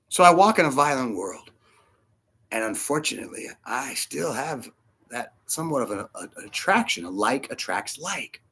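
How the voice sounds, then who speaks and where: A man preaching a casual sermon, short of breath with fluid in his lungs, animated and laughing often between soft asides. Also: a little high, slightly rough. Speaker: pastor.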